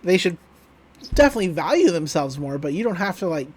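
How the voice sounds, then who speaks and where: A man with a fairly high voice talks through an anime episode in an easygoing, chatty podcast recap. He jokes, swears casually and laughs as he goes. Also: sing-song, quick pace, breathy edge. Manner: loose, joking retelling with laughs and swearing. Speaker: podcast co-host.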